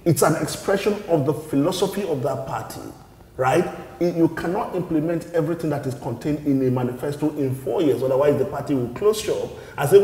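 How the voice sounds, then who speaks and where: A man's voice: a little high, warm tone. Man explaining in a roomy echo. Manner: measured, explanatory, repeats words when restarting. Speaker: party spokesman, interview guest. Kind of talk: political interview answers. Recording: echoey studio with long reverb.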